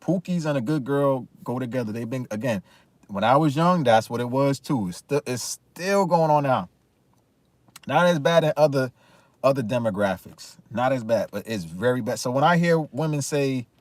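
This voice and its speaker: A man's voice: medium pitch, expressive, normal speed, no echo. A man in a casual opinion rant, talking emphatically with many restarts and repeated phrases. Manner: emphatic, repetitive, frequent restarts. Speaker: commentary vlogger.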